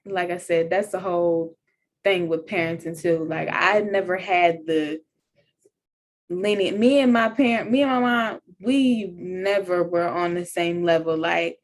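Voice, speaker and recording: A young woman chats easily on a podcast with her mother. Her delivery is relaxed and conversational, sprinkled with filler words. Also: on the low side, unhurried, a little hiss or hum. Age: young adult. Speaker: podcast co-host, daughter. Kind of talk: casual chat.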